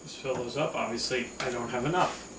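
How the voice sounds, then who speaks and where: A man's voice: mid-range voice, brisk, noisy background. A man hosting a casual cooking video, chatty and upbeat, laughing often as he works in his kitchen. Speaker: cooking vlog host. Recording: echoey room with faint ambience.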